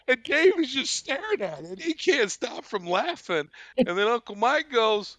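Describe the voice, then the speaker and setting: Guy on a podcast telling a rambling swear-filled story, high bright voice, slow, dry sound. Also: very animated, no echo. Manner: profane, rambling, laughs often. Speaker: podcast host. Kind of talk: casual storytelling.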